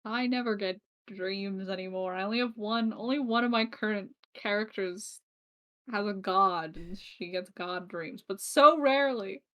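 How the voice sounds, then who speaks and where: A woman's voice: mid-range voice, unhurried, a bit bright, muffled recording. A woman chatting casually with fellow tabletop game players, often breaking into laughter. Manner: giggly, laughs between remarks. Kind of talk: casual chat among players.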